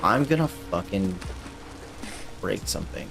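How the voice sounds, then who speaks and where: A male streamer talks to his chat while he plays, swearing freely and venting about getting stuck. His voice sits on the low side. Soft music plays under him. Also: moderate pace. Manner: profane, frustrated, talks to chat. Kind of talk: casual live gameplay commentary.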